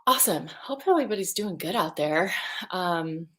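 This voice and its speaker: A woman leading a livestreamed vocal warm-up as a vocal coach, chatting in a relaxed, encouraging way between exercises. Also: on the low side, moderate pace.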